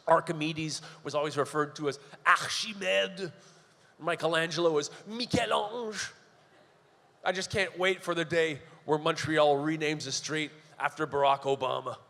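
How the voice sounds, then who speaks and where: A man's voice: a little high, fairly even intonation, gravelly, bright, forceful tone. A young Canadian man doing stand-up comedy, telling sardonic, profane stories. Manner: sardonic, profane, brisk storytelling. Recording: long reverb of a live venue hall.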